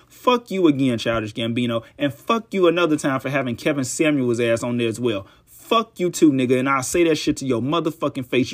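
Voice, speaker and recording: A man giving an angry, profane commentary, heated and worn out. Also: mid-range voice. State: tired and frustrated. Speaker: vlogger.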